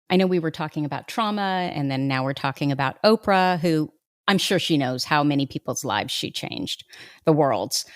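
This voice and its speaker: A woman's voice: fairly low pitch, no echo, clean studio sound. A woman hosting a podcast interview, chatting casually and recommending things with emphasis. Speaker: podcast host.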